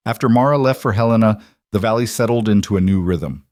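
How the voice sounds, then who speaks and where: A man with a fairly low voice narrates a frontier storybook in a steady, measured audiobook style. The recording is dry and close, with no room sound at all. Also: no room sound.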